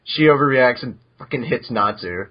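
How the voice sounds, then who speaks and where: A man hosting a podcast, casually recapping episodes in an animated way, now and then jumping into high squeaky voices for characters. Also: normal speed. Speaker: podcast host. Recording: dull lo-fi podcast audio.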